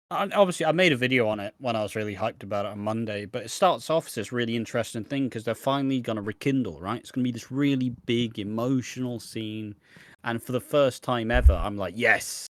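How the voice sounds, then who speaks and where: A man's voice: medium pitch, dry recording. A man co-hosting a casual podcast, chatting and acting out scenes in other voices. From Britain. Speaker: podcast co-host. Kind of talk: casual chat.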